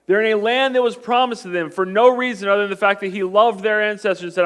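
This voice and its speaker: A man preaching a sermon as a pastor, telling the story with animated swings between loud emphasis and hushed asides. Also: sits high, quick pace, clear, resonant tone.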